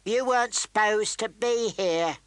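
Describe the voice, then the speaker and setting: A man's voice: high voice, a little slow, clear, resonant tone, no echo, pitched above the performer's own voice. A man voicing a sour, muttering small intruder. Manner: muttering sourly. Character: small gaunt dirty male intruder, sour and furtive.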